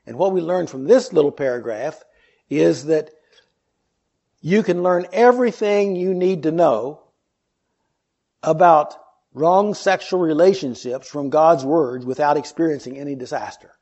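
A man's voice: on the high side, unhurried, a little mellow, highs cut off. A man preaching an earnest sermon, reading scripture and explaining it with rhetorical questions.

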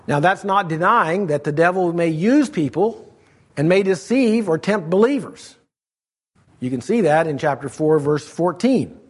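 Husky-voiced man preaching a sermon. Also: fairly high pitch, expressive, measured pace. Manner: reads scripture aloud, then explains verse by verse. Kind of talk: expository sermon.

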